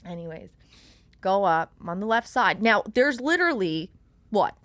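A woman podcast guest in casual chat, telling a story in an animated, profane way with many fillers. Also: medium pitch, normal speed, dry recording.

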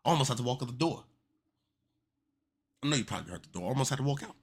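A young man hosting a casual commentary podcast, animated and joking with exaggerated reactions. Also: medium pitch, fast, slightly rough. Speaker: podcast host.

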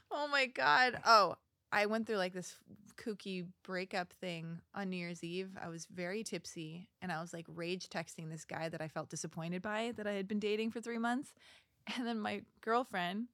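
Bright-voiced chatty woman telling stories. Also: medium pitch, normal speed, dry recording, clean studio sound. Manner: chatty, storytelling, laughs loudly, swears. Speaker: podcast guest. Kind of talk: casual chat. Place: podcast studio.

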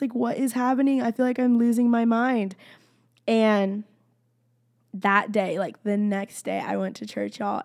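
A woman's voice: mid-range voice, darkish tone, no echo. A young woman shares a faith testimony in casual vlog talk, looping back with fillers. Her voice sits in a middle register. The recording is close and dry, with no room sound. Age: young adult. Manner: chatty, many "like" and "y'all" fillers. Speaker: college student sharing faith.

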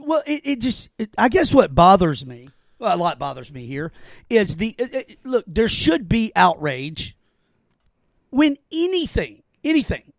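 A man hosting a casual podcast chat, talking in an animated, excitable way and stammering when he makes a point. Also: sits high, unhurried, no room sound. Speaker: podcast host.

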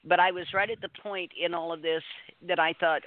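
A woman's voice: fairly low pitch, steady tone, a little fast, dry recording. A woman co-hosting a talk radio show, telling a story in an earnest, rambling way with many restarts. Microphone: phone call. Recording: dry, tinny phone line.

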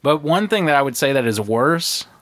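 A man's voice: fairly high pitch, lively intonation, normal speed, fairly bright tone, dry recording. Male co-host, blunt swearing banter, mid voice, dry close mic. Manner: blunt, profane, laughing banter. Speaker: podcast co-host. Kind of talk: casual chat.

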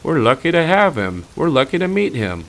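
A man's voice: a little high, sing-song, normal speed, pitched above the performer's own voice. A man doing a mocking impression of a naive male Canadian Mountie, with a put-on Canadian accent. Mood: mock admiring.

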